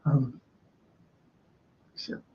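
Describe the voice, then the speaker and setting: A man's voice: very slow, muffled recording, slight background noise. A man hosting a live-stream current-affairs show, ranting with plenty of swearing and greeting viewers in the chat.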